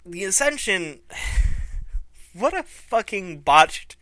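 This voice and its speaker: A man's voice: high voice, big pitch swings, drawn-out words, pushed and bright, dry recording. A man hosting a casual review vlog, loose and laughing, swearing freely. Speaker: vlog host.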